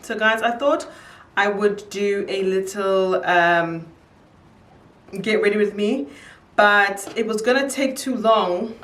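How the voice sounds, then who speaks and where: A woman's voice: mid-range voice, a bit bright, recorded from a distance, slight background noise. A young woman chatting casually to camera while doing her makeup, telling a story and laughing easily. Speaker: beauty vlogger. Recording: echoey room, voice from off-mic.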